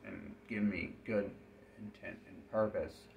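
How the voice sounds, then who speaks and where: A man's voice: lowish voice, slow pace, creaky, a little hiss or hum. A man speaking in a rambling, profane, run-on monologue.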